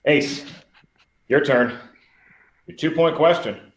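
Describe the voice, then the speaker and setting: A man's voice: on the high side, animated, normal speed, roomy sound. A man reading questions in a live-streamed trivia match, playful and teasing with the contestants.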